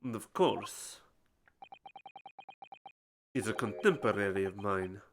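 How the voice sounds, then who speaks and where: A man's voice: on the low side, animated, slow pace, a little hiss or hum, pitched below the performer's own voice. A man reading the lines of a cold, composed aristocratic prosecutor in a story game, formal and aloof. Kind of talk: reading game dialogue aloud.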